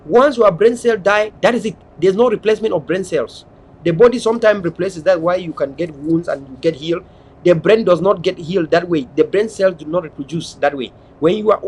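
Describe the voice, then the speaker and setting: A man with a Cameroonian English accent speaks in a high, husky voice. He lectures emphatically and says points twice for weight. It sounds like a passionate monologue aimed at his listeners. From Southern Cameroons. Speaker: political activist speaker. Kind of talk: impassioned monologue.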